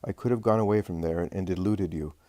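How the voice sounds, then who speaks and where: A man voicing a gentle, serene male teacher who speaks calmly and tenderly. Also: low-pitched, no room sound, lightly acted. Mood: soothing. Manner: calm, measured, tender.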